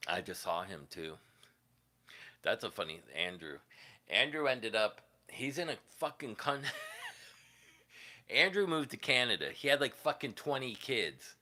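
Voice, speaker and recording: A man's voice: mid-range voice, expressive, normal speed, bright, forceful tone. A man hosting a casual livestream, telling rambling, profane stories from his years as a musician and laughing at them. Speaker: livestream host, guitarist.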